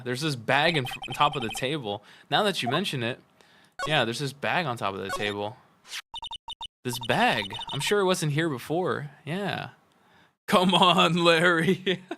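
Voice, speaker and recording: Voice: medium pitch, background noise. A let's play host voicing several characters in a playful read-along of a game, switching voices and joking between lines.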